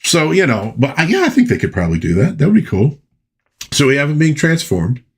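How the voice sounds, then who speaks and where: A man's voice: a little high, wildly swooping pitch, fairly quick, slightly rough. A man hosting a pop culture show, talking in a rambling, folksy way with lots of asides. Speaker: podcast host. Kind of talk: casual pop culture commentary.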